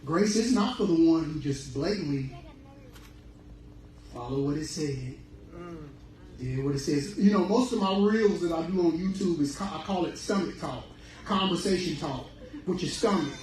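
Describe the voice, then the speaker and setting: A high-voiced man preaches about health, animated and emphatic. He is heard from a distance in a very echoey room. Faint noise sits under his voice. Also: moderate pace, pauses often. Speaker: speaker on fruitarian health. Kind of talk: sermon-style health talk.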